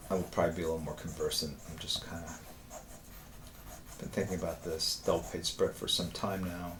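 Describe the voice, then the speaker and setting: A man's voice: deep voice, level tone, a little fast, a bit bright, a little hiss or hum. A man chatting casually on a live art stream, musing aloud in short asides and answering chat as he draws. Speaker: artist streaming while drawing.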